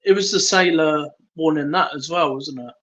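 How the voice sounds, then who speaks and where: A man co-hosting a podcast, sharing trivia in a relaxed way, recorded on a phone. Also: on the high side, normal speed, a little hiss or hum. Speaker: podcast co-host. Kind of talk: casual chat.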